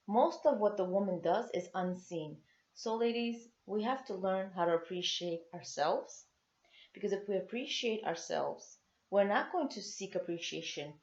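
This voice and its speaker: A woman speaks earnestly to other women about marriage, stressing points by repeating words. Her voice sits in the middle of the range. The recording is roomy and echoing, with a muffled, lo-fi sound. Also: medium pitch. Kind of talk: motivational talk to women. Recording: echoey, dull lo-fi sound.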